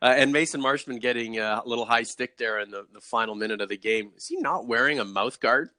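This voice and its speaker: A man hosting a casual hockey talk show, energetic, asking questions and reading viewer comments. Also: mid-range voice, brisk, no echo. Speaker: host.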